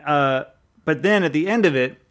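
A man's voice: on the high side, expressive, moderate pace, a bit bright. A man in a casual scripture discussion, thinking aloud about the wording of a passage. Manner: thoughtful, reasons aloud over the wording with restarts.

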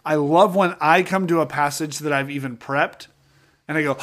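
A man co-hosting a podcast, talking through a Bible passage and acting out its characters with lively voices. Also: a little high, unhurried. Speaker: podcast co-host. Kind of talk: Bible study podcast chat.

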